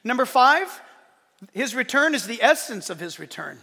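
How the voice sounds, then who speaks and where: This pastor's sermon is animated and lively, and he briefly acts out each voice he quotes. Very high in pitch, his voice is bright and forceful yet also creaky and husky, moving at a moderate pace. A long reverb trails behind him in the large hall.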